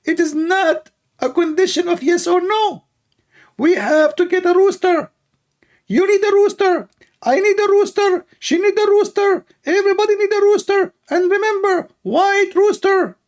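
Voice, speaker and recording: A man's voice: very high-pitched, moderate pace, pitched above the performer's own voice. A man voicing a mocking impression of a preaching male Muslim apologist, in an exaggerated sing-song sermon style. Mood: preachy.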